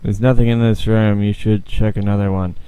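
Swearing young gamer with a smooth voice. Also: male voice, fairly low pitch, level tone, a little fast, no room sound. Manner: loud, swearing outbursts and frustrated rants. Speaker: let's play gamer. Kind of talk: game commentary.

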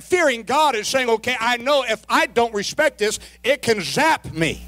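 A middle-aged male pastor whose voice sits unusually high, preaching with real fire. He drops into quiet, wry asides and homespun jokes, then climbs into shouted exhortation, firing rhetorical questions at the congregation. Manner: folksy humor and repeated rhetorical questions. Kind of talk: sermon.

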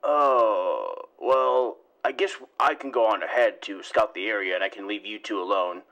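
A man acting in a playful comedy skit, animated and swooping in pitch. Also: moderate pace, poor audio. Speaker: show regular.

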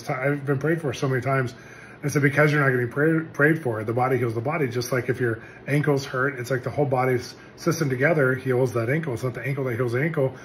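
A middle-aged male pastor telling a personal testimony in an earnest, animated storytelling way. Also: mid-range voice, slight background noise. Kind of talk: testimony sermon.

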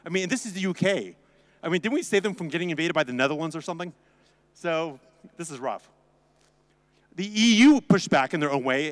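A man's voice: high voice, very animated, fairly quick, fairly bright tone, long reverb tail. Sarcastic man giving a talk. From United States. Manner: sarcastic, joking, conversational. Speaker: conference speaker. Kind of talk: conference talk. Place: conference hall.

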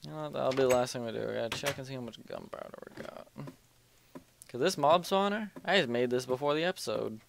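A man's voice: mid-range voice, quick pace, creaky, background noise. A young man casually commentating his gameplay at home, rambling, joking and muttering to himself as he plays. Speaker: let's play host. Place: home room at night.

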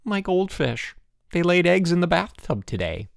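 A man puts on a shrill, fussy boy in an audiobook who lives for insects and goldfish. His voice climbs high and shrieks whenever he is upset, bouncing up and down with every line. The recording is dry and close. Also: moderate pace, vocal fry, dry recording, exaggerated voice. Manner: shrieking, wailing, high and excitable.

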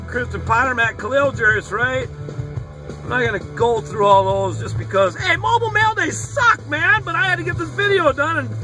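Young male vlogger, very high and bright voice, loud and foul-mouthed, rambling fast on a handheld phone in a parked car. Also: low-quality recording. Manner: loud, profane, hyped-up rambling. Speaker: sports card collector vlogger. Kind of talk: casual mail-day vlog. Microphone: phone camera held in hand.

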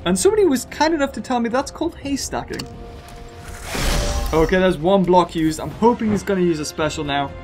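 A British man giving excitable gameplay commentary as a gaming video host, gushing and laughing between lines. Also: high voice, fairly quick, over music.

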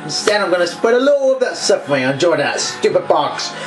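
Man doing a taunting evil box spirit, cackling, wildly swinging pitch, echoey room, game music behind. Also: very animated, quick pace. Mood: gloating. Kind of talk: reading game dialogue aloud in a put-on voice.

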